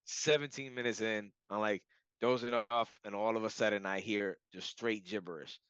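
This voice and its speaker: A man telling a personal story in a casual, animated way, full of "like" and "you know". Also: lowish voice, normal speed, clear, resonant tone, no room sound. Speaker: client giving a testimonial. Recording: dull lo-fi audio.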